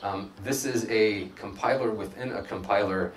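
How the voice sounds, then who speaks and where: A man's voice: fairly low pitch, normal speed. A man giving a live coding talk at a meetup, chatty and self-deprecating, heard through a distant mic in a room with an audience. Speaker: conference speaker. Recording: echoey room, distant mic, background noise.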